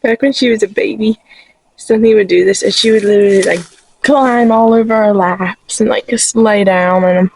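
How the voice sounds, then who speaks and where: A woman's voice: mid-range voice, normal speed, darkish tone, slightly rough, rough recording. A woman vlogging from her sheep pen, chatting casually with lots of "like" and cooing at her sheep, recorded outdoors on a handheld camera. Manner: chatty, full of "like", cooing at animals. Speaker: shepherdess vlogger. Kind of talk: casual vlog chat.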